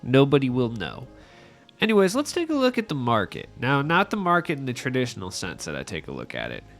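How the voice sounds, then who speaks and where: Brisk and fairly bright, a young man's mid-range voice swings hugely in pitch as he voices over a gaming video with no face cam, soft music playing. His nasal, allergy-stuffed commentary is casual and rambling, self-mocking and heavy on "like."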